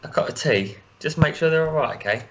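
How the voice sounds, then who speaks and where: A man's voice: on the high side, fast talker, fairly bright tone, muffled recording, close to an everyday voice. A man voicing a cheeky, jolly male halfling adventurer with a chirpy, chatty, folksy way of talking. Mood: cheery. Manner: chirpy, chatty, rough-edged folksy talk.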